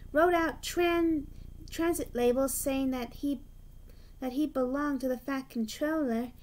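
Woman storyteller, high voice, slow deliberate read-aloud. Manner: slow, deliberate reading with restarts. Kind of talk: storybook reading.

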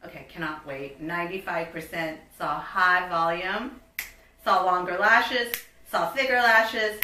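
A woman in her fifties chatting excitedly in a casual unboxing video and reading product labels aloud. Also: fairly low pitch, a little slow, echoey room, far from the mic, slight background noise, low-quality recording. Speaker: beauty vlogger.

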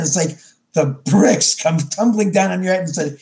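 A man's voice: on the high side, moderate pace, a little mellow. A middle-aged man, a podcast guest, tells a story with animation, acting out his own lines and often restarting sentences. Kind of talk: storytelling interview.

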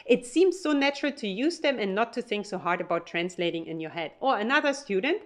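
A German woman teaching her language on video in English with a German accent, upbeat and encouraging, slowing down to spell out German phrases. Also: medium pitch, sing-song. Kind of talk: YouTube language lesson.

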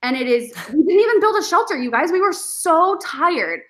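A woman, a guest on a podcast, telling animated stories in casual chat and acting out her past self. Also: very high-pitched, moderate pace. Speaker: podcast guest, former reality show contestant.

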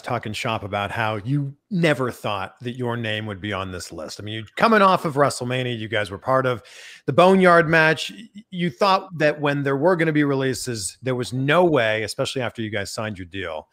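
A man hosting an interview, asking quick, conversational questions. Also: mid-range voice, lively intonation, a bit bright. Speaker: interview host.

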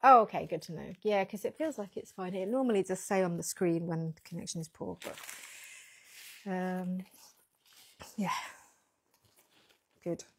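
A woman's voice: fairly low pitch, a little slow, pauses often, slight background noise. A woman hosting a casual livestream, chatting with viewers and reading their comments. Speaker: yarn shop owner hosting a packing livestream. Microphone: pinned lapel mic.

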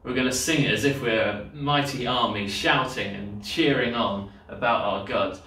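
A man's voice: medium pitch, normal speed, a little hiss or hum. Man leading kids' worship, echoey and distant. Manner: cheerful, encouraging, explaining to children. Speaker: children's worship leader. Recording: echoey room, distant mic, loud guitar. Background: own guitar playing.

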